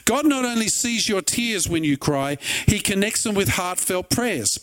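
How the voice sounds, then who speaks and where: A man's voice: sits high, lively intonation, measured pace, a bit bright. A middle-aged man preaching a sermon as a pastor, earnest and conversational with wry asides.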